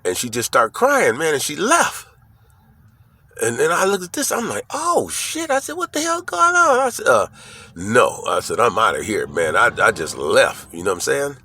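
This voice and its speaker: A man talking casually to the camera, telling a story in an animated way, swearing often and checking in with "right?" after his lines. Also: fairly low pitch, moderate pace, no echo. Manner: animated, profane, repeats "right?" and "you know what I'm saying?". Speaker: vlogger.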